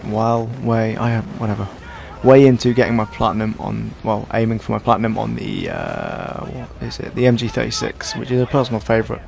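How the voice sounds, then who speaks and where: Hoarse, rambling young man. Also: on the low side, sing-song, a little fast, few pauses, darkish tone, a little hiss or hum. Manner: rambling, self-deprecating, tired. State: hoarse, sore throat. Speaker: gaming commentator. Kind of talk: casual gameplay commentary.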